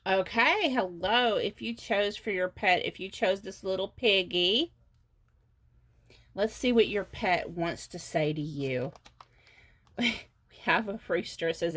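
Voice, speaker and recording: A woman doing a casual pick-a-card tarot reading, often laughing and pausing with fillers. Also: medium pitch, fairly bright tone. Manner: giggly, halting with many fillers. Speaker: tarot reader.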